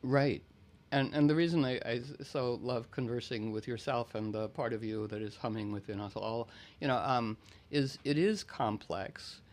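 A man hosts a relaxed, casual conversation, musing discursively and reflectively through ideas at a moderate pace. His middle-pitched voice is steady and unforced, and he often restarts and clears his throat.

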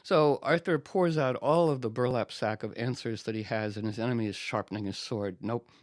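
A man recounts an old legend in animated, casual chat, tripping over restarts as he goes. His voice sits in a middle pitch. The recording is dry and close. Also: brisk, dry recording. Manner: animated storytelling full of restarts.

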